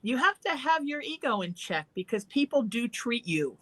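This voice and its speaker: A woman's voice: on the high side, big pitch swings, moderate pace, fairly bright tone. A woman hosting a call-in talk show, giving earnest, encouraging advice in a conversational way. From Irish heritage. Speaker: psychic talk show host.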